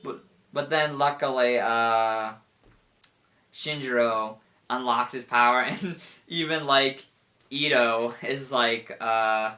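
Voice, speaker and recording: Young male reviewer, bright voice, rambly, heavy on "like", animated retelling. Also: medium pitch, slow pace. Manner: rambling, full of "like", animated quoting with laughs. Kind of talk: casual spoken review.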